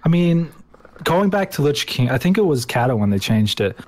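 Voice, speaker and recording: A man's voice: on the high side, big pitch swings, normal speed, a little mellow, no room sound. A man co-hosting a casual podcast chat, swearing freely and joking eagerly. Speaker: podcast co-host.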